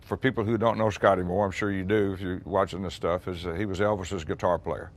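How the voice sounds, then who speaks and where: Older man telling a story, low voice. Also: fairly even intonation, a little fast. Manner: chatty, acts out quoted dialogue, frequent restarts and laughs. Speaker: musician recounting a recording session. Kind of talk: relaxed anecdotal storytelling.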